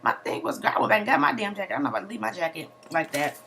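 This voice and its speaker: A young woman recapping a reality TV episode in a sassy, animated way, full of slangy asides and mock outrage. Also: lowish voice, very fast, gravelly, slight background noise. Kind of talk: casual recap commentary.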